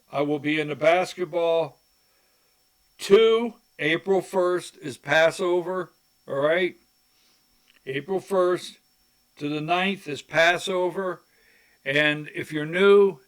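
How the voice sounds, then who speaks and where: Slow, rambling folksy man hosting. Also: fairly high pitch. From rural Georgia. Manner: rambling, folksy, repeats phrases. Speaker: political talk show host. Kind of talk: casual commentary monologue.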